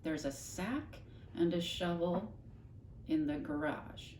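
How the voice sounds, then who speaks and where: A woman voicing a bewildered storybook father in a squeaky, despairing voice. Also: takes it slowly, a little mellow, slight background noise. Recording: echoey room, mic at a distance.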